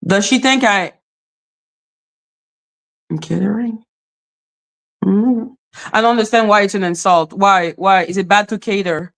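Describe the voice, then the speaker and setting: A woman's voice: medium pitch, a little slow, pauses often, fairly bright tone. Blunt woman ranting to her livestream chat. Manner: blunt, swearing, talks straight to chat. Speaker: livestream host reacting to chat. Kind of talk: casual livestream rant.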